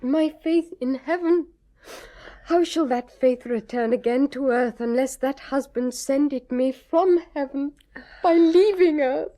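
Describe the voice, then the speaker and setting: A woman's voice: high voice, unhurried, dark tone. An actress playing a young noble girl in a 1970s radio drama, tearful and pleading. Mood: despairing. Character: young noble girl, desperate and defiant daughter.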